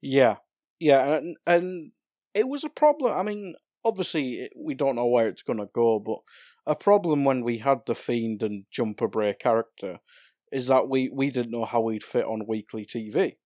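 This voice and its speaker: A man co-hosting a podcast, rambling in a relaxed way with frequent laughs and sighs. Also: medium pitch, normal speed, dry recording. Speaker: podcast co-host. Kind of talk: casual wrestling chat.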